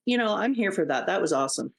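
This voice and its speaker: A woman hosting a stream, retelling an anime in a playful, expressive way. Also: mid-range voice, fast, gravelly, slightly rough. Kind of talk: animated recap with voices.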